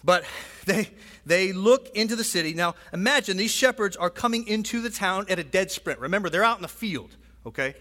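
Delivering a sermon in a church sanctuary, a man speaks in a high-pitched, expressive voice that runs a bit fast and sounds pushed and bright. The pastor keeps it conversational, dropping frequent asides and checking in with the congregation with "right?". A long hall reverb fills the recording.

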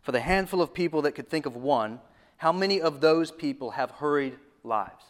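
Male preacher, fairly high pitch, emphatic and repetitive with sudden hushed drops. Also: lively intonation, moderate pace. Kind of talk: sermon.

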